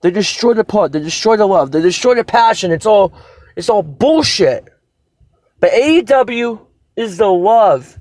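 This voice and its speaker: A man with a high voice gives an excited, rambling wrestling review, full of restarts and casual swearing. His voice is close and dry, with no room sound around it. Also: unhurried, dry recording.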